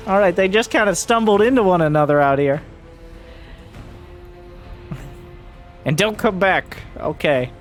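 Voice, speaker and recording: A man giving solo play-by-play commentary on a strategy game, getting excitable and shouting when fights break out. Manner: excitable, voice jumps high and shouts during fights. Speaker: esports caster.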